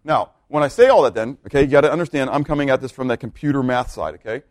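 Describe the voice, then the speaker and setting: A man preaching a sermon, teaching with frequent questions to the congregation and reading scripture slowly with emphasis. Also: mid-range voice, expressive, no room sound. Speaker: pastor.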